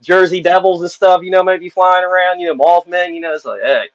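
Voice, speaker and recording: Chatty host guy, higher-ish voice, rambles w/ "you know", muffled dead-dry audio. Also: fairly quick, no room sound. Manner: rambling, fills with "you know what I mean". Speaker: interviewer. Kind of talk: casual chat.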